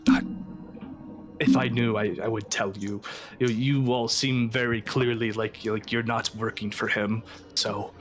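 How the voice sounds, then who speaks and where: A man voicing a wary young village woman who is grieving but tough, speaking in halting, stammering bursts. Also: lowish voice, level tone, soft background music, lightly acted.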